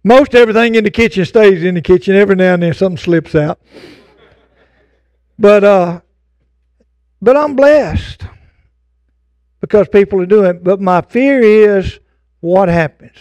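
A man's voice: high-pitched, measured pace, long pauses, a little mellow, dry recording. An older man preaching a fervent sermon to his congregation, with folksy asides. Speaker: pastor. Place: church sanctuary.

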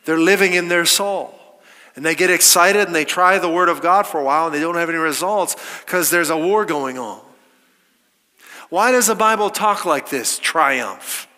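Bright-voiced preacher in a reverberant hall. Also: male voice, on the high side. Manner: emphatic, rhetorical questions, quoting scripture. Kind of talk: sermon.

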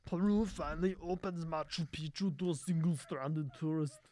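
A man putting on the voice of a gruff male action star, reading a news story in a stiff, halting way. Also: on the high side, darkish tone, natural voice. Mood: mock-serious. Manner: stiff, halting, stumbles over words.

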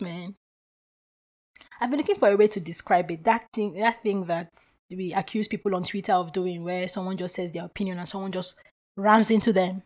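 A woman hosts her own podcast and talks alone in a loose, chatty way. She muses out loud with plenty of fillers and asides. Her voice sits at an ordinary middle pitch. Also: a little fast. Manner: animated storyteller who acts out quoted voices; chatty and reflective with frequent filler words. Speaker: podcast host. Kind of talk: casual solo podcast monologue.

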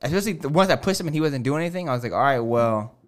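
Chatting casually with friends, a man spins a long, rambling story full of fillers and swearing. His mid-range voice is animated and comes out rapid-fire.

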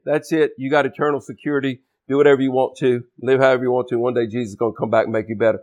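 A man preaching a sermon, fervent, moving between quiet stretches and shouted outbursts. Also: medium pitch, fairly even intonation, quick pace, few pauses.

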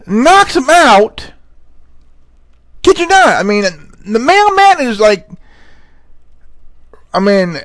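A man's voice: sits high, fairly bright tone, no room sound. A man hosting a casual show, retelling funny emergency calls in a rambling, profane way, stumbling over words and asking "okay?" a lot. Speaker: host. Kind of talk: casual commentary on viral clips.

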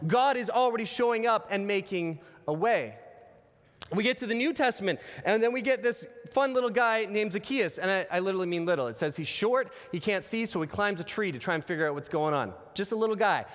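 A man preaching a conversational Easter sermon, retelling stories and dropping soft and low when he quotes God. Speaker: pastor. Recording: long hall reverb.

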